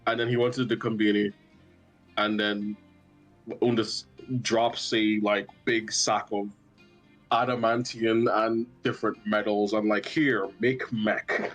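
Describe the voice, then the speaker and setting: A man's voice: fairly low pitch, level tone, measured pace, fairly bright tone, soft background music. A young man casually recapping a tabletop game session, rambling and joking with lots of swearing. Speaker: tabletop player.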